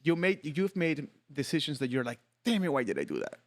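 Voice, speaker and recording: A man's voice: a little high, huge pitch swings, brisk. A man hosting a podcast, chatting casually and joking with his guest, laughing often. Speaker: podcast host. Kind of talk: casual interview chat.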